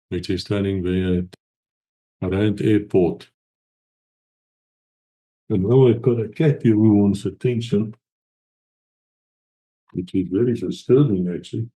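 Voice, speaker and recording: A man's voice: lowish voice, a little slow, pauses often, dark tone. A middle-aged man, hosting his channel at home, chatting casually and rambling with hesitant fillers. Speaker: channel host. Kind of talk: casual chat to camera. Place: at home with a pet cat.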